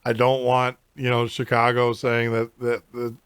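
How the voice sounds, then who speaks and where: A man's voice: mid-range voice, completely flat delivery, a little slow, fairly bright tone, clear, resonant tone, no room sound. A man hosting a casual interview, rambling and thinking aloud as he talks. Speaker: podcast host.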